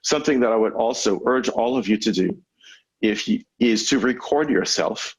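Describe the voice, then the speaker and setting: A man coaching lawyers on public speaking in a webinar over a video call, teaching in a measured, conversational way with deliberate pauses. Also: medium pitch, breathy edge, poor audio. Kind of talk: webinar lecture. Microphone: video call microphone.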